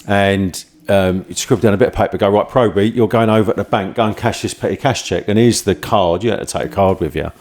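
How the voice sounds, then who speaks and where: Guy, lowish voice, rambling through old firehouse prank stories, keeps cracking up. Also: fast talker, few pauses, a little mellow. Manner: rambling anecdotes, laughs often, acts out voices in quotes. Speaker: podcast host and former firefighter. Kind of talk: casual storytelling chat.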